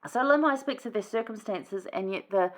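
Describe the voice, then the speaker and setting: A woman's voice: medium pitch, normal speed. A woman hosting a casual scripture study, chatty and rambling, with many fillers and asides.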